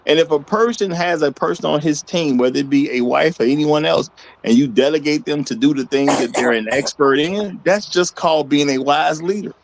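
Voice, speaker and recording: A man's voice: fairly high pitch, a little fast, vocal fry, slight background noise, low-quality recording. A man hosting a live online debate show, firm and emphatic, repeating his key points. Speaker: show host. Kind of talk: live stream debate and super chat reading.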